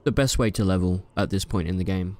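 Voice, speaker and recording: A man's voice: low-pitched, fast talker, mellow, slight background noise. A young man giving casual, playful gameplay commentary, joking and trash-talking the enemies he fights. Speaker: gaming YouTuber.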